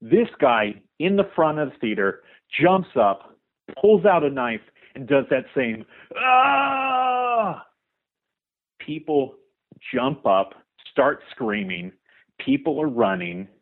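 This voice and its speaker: A young man leaving a voicemail for a podcast, telling a story in an animated way. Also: mid-range voice, a little slow. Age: young adult. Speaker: caller. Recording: tinny phone line.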